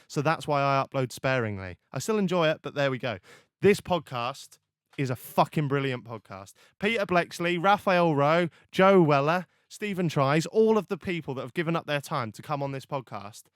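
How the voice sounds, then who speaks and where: A man's voice: a little high, animated, normal speed, no echo, clean studio sound. A young man hosting a podcast, telling stories animatedly with swearing and many restarts. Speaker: podcast host. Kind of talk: casual podcast chat.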